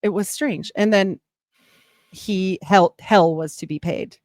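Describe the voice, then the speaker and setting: A middle-aged woman giving a personal testimony as a guest, rambling and animated, with laughs and asides. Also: medium pitch, slow, no echo, clean studio sound.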